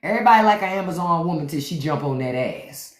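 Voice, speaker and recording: A deep-voiced woman tells stories to her live-stream audience in a loose, profane monologue, jumping into other people's voices as she goes. Her pitch climbs and drops all over the place. The sound carries a roomy echo. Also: expressive, fast, slight background noise. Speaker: podcast host on a live stream. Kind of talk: unfiltered comedic storytelling monologue.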